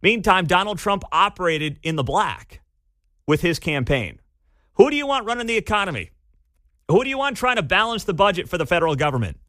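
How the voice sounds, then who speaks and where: A man's voice: a little high, a bit bright, dry recording, clean studio sound. A man hosting a talk radio show, giving sarcastic, opinionated commentary in a chatty way. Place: radio studio. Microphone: studio mic.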